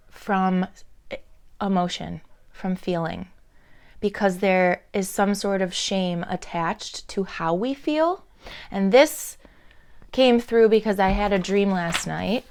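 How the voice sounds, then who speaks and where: A young woman talking earnestly and dreamily to camera about feelings, with lots of pauses and filler words. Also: mid-range voice, clean tone. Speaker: spiritual vlogger. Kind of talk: casual reflective monologue.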